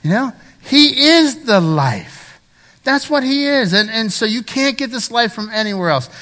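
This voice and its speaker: A middle-aged male pastor preaching a sermon with passion, moving from loud exclamations to hushed asides and talking straight to his congregation. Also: extremely high pitch, expressive, brisk. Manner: conversational preaching with repeated phrases and direct address to the congregation.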